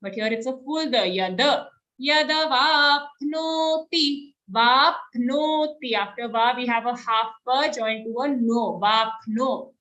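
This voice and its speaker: Teaching verse recitation online, a woman chants lines slowly, then briskly corrects pronunciation. Her voice is a little high with a fairly bright tone.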